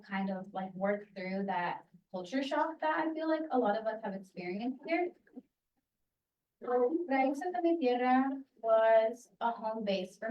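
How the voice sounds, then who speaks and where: A woman's voice: mid-range voice, a little mellow, a little hiss or hum. Earnest young woman speaking at a distant mic. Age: young adult. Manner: earnest, passionate. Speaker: student speaker at public forum. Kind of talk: prepared public comment. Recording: echoey room, distant mic, dull sound.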